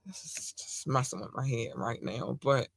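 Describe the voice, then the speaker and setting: A woman hosting a podcast in casual chat, talking bluntly and emphatically with sudden loud outbursts. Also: very deep voice, moderate pace, gravelly, slightly rough, dry recording. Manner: blunt and profane. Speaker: podcast host.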